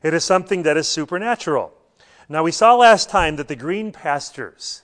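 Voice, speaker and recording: A man's voice: fairly high pitch, expressive, moderate pace, fairly bright tone. A man preaching a sermon in a conversational way, mixing scripture with homely stories. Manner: conversational preaching with anecdotes and light laughs. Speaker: pastor.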